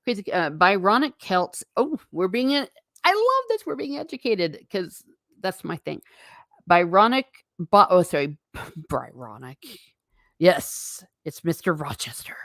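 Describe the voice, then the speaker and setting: Reading her viewers' comments aloud and laughing often, an American woman chats on a casual livestream. She speaks unhurriedly in a sing-song, fairly bright mid-range voice, captured in clean studio sound with no echo.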